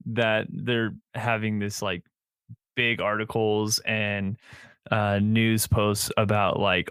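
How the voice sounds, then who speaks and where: A man's voice: fairly low pitch, a bit bright, clean tone, no echo, studio quality. Easygoing man co-hosting a podcast. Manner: easygoing, laughs often. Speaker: podcast co-host. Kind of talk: casual podcast banter.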